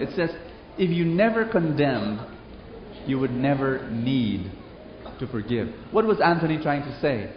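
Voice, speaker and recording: An animated male preacher tells a story in his sermon and calls out for answers from the congregation. His voice sits slightly high. The recording is muffled and echoey, with a faint hum behind it. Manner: animated, call-and-response. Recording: roomy, dull hall recording.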